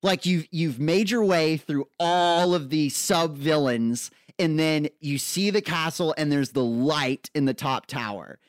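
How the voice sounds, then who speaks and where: A young man co-hosting a podcast in casual chat, talking in an excitable, gushing way. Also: a little high, a little slow, few pauses, no echo, studio quality. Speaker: podcast co-host.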